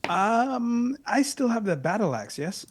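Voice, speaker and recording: A man's voice: high voice, sing-song, unhurried, slightly rough, dry recording. A man playing a tabletop game, speaking hesitantly and searching for words.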